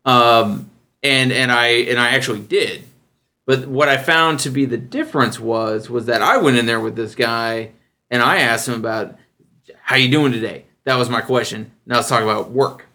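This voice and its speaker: A man in his thirties hosting a casual podcast, telling stories with lively, acted-out voices for other people. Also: moderate pace. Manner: animated storyteller who acts out other people in a high voice. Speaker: podcast host.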